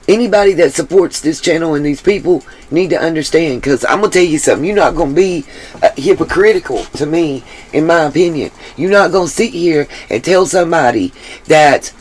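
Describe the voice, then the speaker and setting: A woman hosting her own livestream, talking bluntly and emphatically and swearing freely. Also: sits low. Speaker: livestream host. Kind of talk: livestream commentary.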